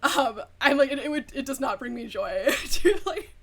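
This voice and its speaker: A woman's voice: sits high, sing-song, moderate pace. A woman streaming a game as a VTuber, chatting casually, giggling a lot and swearing freely. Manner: giggly, chatty, often breaks into laughter. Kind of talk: casual chat while gaming.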